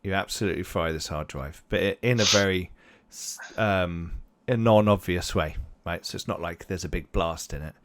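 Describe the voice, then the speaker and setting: A man running a tabletop role-playing game as game master, narrating in a rambling, animated way with sound effects. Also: sits low, moderate pace, few pauses, dry recording.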